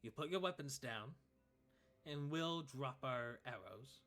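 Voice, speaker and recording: A man's voice: mid-range voice, lively intonation, slow, fairly bright tone, soft background music. A man voicing a stern, suspicious male elf guard who distrusts strangers and makes threats.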